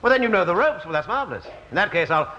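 A man's voice: sits high, sing-song, very fast, pushed and bright, heavily acted. An actor playing a dithering, stammering TV director in his late thirties in a 1960s sitcom. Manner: stammering, dithering, self-pitying. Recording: dull lo-fi 1960s TV soundtrack with hiss.

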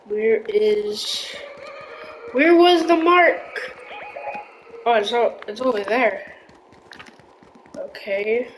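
A woman giving live gameplay commentary, excitable and slangy, often yelling reactions. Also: a little high, very slow, long pauses, slight background noise, low-quality recording. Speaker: gaming video creator.

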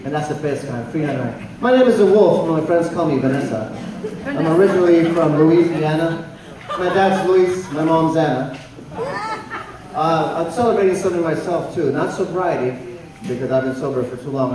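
A man doing stand-up on a live stage with a slightly high voice, teasing and working the crowd. His voice comes from a distance in an echoey venue. The laughter and chatter of the audience run behind him. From El Paso, Texas. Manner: loud, teasing, talks to the crowd. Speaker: stand-up comedian.

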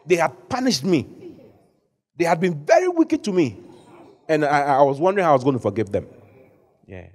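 Animated preacher man. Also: a little high, brisk. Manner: animated preaching, rising to shouts when acting out the story. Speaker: bishop preaching. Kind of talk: sermon.

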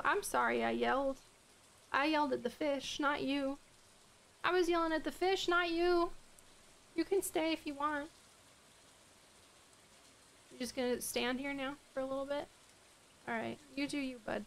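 A woman with a high-pitched voice narrates her live gameplay stream. She chats with viewers in a loose, exasperated way and swears often. Faint noise sits under her voice. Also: steady tone, moderate pace, creaky, pauses often. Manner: talks softly to her dog between game moments.

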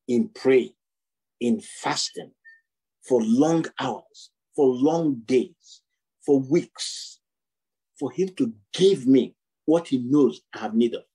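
A man preaching a sermon, piling up rhetorical questions and repeated phrases with slow, drawn-out emphasis. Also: medium pitch, mellow, slightly rough, poor audio.

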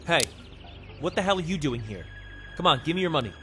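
A rough, blunt teenage street kid, as an actor plays him in a dubbed drama, swearing as he talks. The voice sits mid-pitch but swings widely up and down. Faint music plays underneath. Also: animated, fairly quick, a bit bright, natural voice. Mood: menacing.

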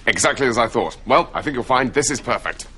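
A man's voice: mid-range voice, animated, fast talker, noisy background, lightly acted. A man doing a flustered Southern tailor. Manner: flustered, evasive. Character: fussy male Southern US tailor, evasive. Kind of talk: sketch comedy.

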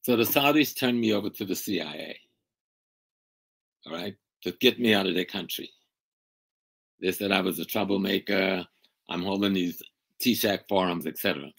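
An older man speaking as a guest on a video call interview. His voice is very low and husky. He tells his story dramatically, with loud emphatic bursts. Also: normal speed, long pauses, low-quality recording. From United States. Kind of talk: storytelling in a conversation.

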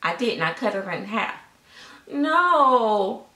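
A woman's voice: on the high side, big pitch swings, slow pace, sharp tone. Chatty sassy woman in an echoey room. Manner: chatty, sassy, acts out voices in quotes. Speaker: vlogger telling a story. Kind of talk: casual storytime chat.

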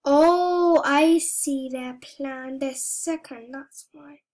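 A young woman giving soft-spoken, anxious commentary as she plays a video game. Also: high voice, very slow. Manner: soft-spoken, often hushed, anxious chatter. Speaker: gaming YouTuber. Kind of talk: casual gameplay commentary.

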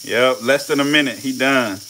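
A young man, giving loud, profane, laughing commentary as a channel host on a casual live stream. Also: mid-range voice, normal speed, slight background noise. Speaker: channel host feeding snakes.

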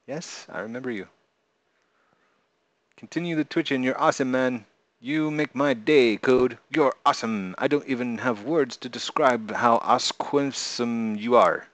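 This streamer and game creator reads his viewers' chat out loud and fires back playful answers, laughing frequently in a casual conversation. He has a mid-range, somewhat bright voice, speaks a little slowly, and the recording has no echo.

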